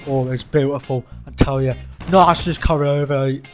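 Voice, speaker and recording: A young man delivering a crude, sweary comedic rant, mocking people and bursting into shouts. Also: mid-range voice, steady tone, a little fast, soft background music. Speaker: gaming channel ranter.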